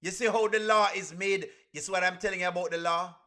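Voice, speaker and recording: A man, reacting live to a video for his stream chat, animated and repeating his exclamations again and again. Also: high voice, fast.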